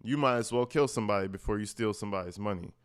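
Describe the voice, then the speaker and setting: A man's voice: on the low side, rapid-fire, smooth. A man giving casual commentary on meeting clips, blunt, mocking and full of swearing.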